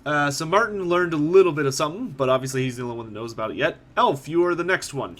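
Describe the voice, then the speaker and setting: A man's voice: fairly high pitch, fast. A man running a tabletop role-playing game as game master, narrating loosely with plenty of ums and uhs. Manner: relaxed, filler-heavy narration.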